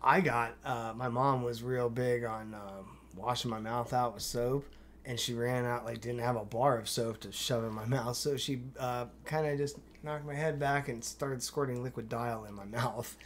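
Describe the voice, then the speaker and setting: A man's voice: mid-range voice, moderate pace. A man co-hosting a reaction video, talking in a loose, chatty way that often restarts mid-sentence. Faint noise sits under his voice. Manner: relaxed, chatty, stumbling starts. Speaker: reaction channel co-host. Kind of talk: casual reaction chat.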